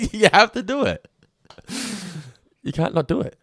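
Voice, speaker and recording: A man's voice: high voice, big pitch swings, slow pace, fairly bright tone, no room sound. A man co-hosting a podcast in a playful, giggly casual chat on a close microphone. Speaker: podcast co-host. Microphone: close podcast microphone with headphones.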